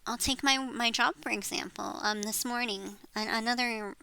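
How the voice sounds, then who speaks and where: Woman in her 30s venting on a vlog, bright slightly high voice, rambles and trails off, cusses a lot. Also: steady tone, normal speed, gravelly, smooth, dry recording, poor audio. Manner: rambling, frustrated, trails off and restarts, swears. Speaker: vlogger. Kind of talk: rambling personal venting monologue.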